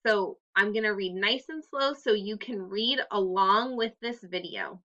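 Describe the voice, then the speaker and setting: A woman teacher giving a recorded reading lesson to young students, explaining clearly and patiently. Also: medium pitch, a little slow, pushed and bright. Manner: clear, patient read-aloud instructions. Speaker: third-grade teacher. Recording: dull lo-fi recording.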